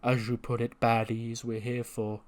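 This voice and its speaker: Man doing a pompous slow-talking professor. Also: mid-range voice, monotone, close to an everyday voice. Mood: lofty. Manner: grandiose, drawn-out words.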